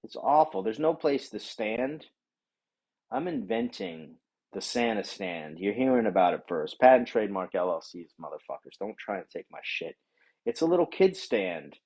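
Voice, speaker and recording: A man telling a profane, animated rant about a bad day out, acting out the other people in the story. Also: on the low side, moderate pace, rough recording. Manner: animated, swears a lot, acts out voices of others. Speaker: vlogger.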